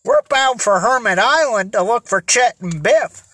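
A reader doing a sensible teenage boy sleuth from a storybook. He speaks slowly and plainly, his tone bright and close to the mic with no room around it. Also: mid-range voice, expressive, husky, dry recording. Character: eager teenage boy detective, Frank. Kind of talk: audiobook character reading.

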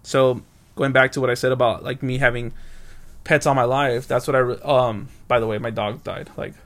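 A young man with a gravelly, creaky voice at an ordinary middle pitch, hosting his own podcast. He rambles through casual stories, swearing and stopping to correct himself. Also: steady tone, moderate pace, fairly bright tone. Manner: rambling, loose and profane, many fillers and self-corrections. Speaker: podcast host. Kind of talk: casual solo storytelling.

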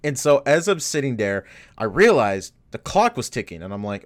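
A man's voice: lowish voice, moderate pace. A man co-hosting a podcast, telling a story in casual chat, swearing a lot and getting worked up in bursts. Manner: profane, animated, rants in bursts. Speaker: podcast co-host.

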